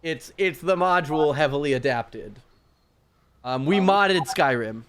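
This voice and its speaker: A man's voice: fairly high pitch, a little slow, fairly bright tone. A man running a tabletop game, chatting out of game and giving long, rambling explanations with many fillers. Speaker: game master. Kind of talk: casual out-of-game table chat. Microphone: streaming mic.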